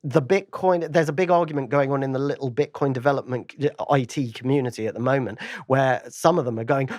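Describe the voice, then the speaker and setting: A man, a crypto trader, talking as a guest on an interview podcast in a chatty, animated way with many restarts and asides. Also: medium pitch, a little fast, few pauses, dry recording, studio quality. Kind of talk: casual interview chat.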